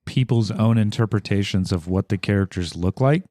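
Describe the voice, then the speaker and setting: A man with a low voice tossing deadpan jokes into a casual podcast chat among friends. His voice is recorded close and dry, with no room around it. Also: moderate pace, no room sound. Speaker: podcast player.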